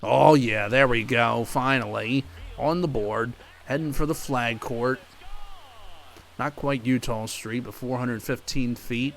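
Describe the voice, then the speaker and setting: A man's voice: medium pitch, fairly even intonation, takes it slowly, a bit bright. A man giving casual play-by-play commentary over his own video game, muttering to himself with mild frustrated outbursts. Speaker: gaming video creator.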